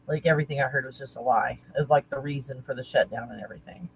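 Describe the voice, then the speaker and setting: A woman talking casually as a spiritual teacher, halting and searching, correcting herself often. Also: extremely low pitch, breathy edge, poor audio. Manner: halting, searching, self-correcting with nervous laughs. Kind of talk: casual channeling talk.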